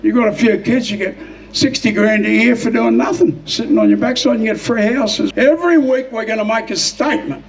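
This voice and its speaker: Man, rally speaker, very high strained voice, heard from afar. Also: big pitch swings, fairly quick, distant mic, a little hiss or hum, poor audio. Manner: repetitive, rousing, rhetorical questions. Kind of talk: shouted rally speech. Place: outdoor protest rally.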